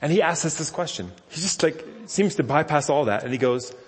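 A man's voice: on the high side, lively intonation, brisk. A man giving a conversational sermon with self-deprecating storytelling. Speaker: pastor. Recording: long reverb of a large hall.

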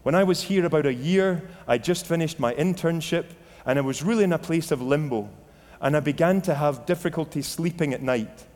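A man's voice: a little high, a little fast, few pauses, darkish tone. A man from Scotland with a Scottish accent, preaching a sermon earnestly and reflectively, sharing a personal testimony. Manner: earnest and reflective, with quoted inner dialogue. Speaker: pastor. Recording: long hall reverb.

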